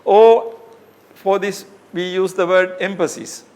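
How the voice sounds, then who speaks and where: Guy teaching a class, kinda high voice, lots of uh and um, asks questions then answers them. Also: fairly even intonation, slow pace, darkish tone, clean tone. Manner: explains step by step with many fillers and rhetorical questions. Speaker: professor lecturing. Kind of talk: academic lecture.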